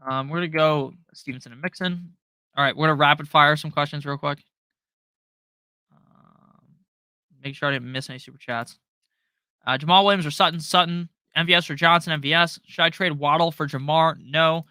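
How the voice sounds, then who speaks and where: A young man hosting a live fantasy football stream, firing off quick, profane answers to viewer questions from his home setup. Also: fairly high pitch, steady tone, sharp tone, clean tone, dry recording. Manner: fast, profane, joking, reads viewer questions aloud. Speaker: fantasy football livestream host. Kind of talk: rapid-fire live Q&A.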